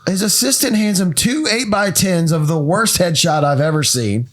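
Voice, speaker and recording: A man in his thirties hosting a podcast, telling a story in casual chat with swearing and quick asides. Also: sits high, fairly bright tone. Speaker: podcast host.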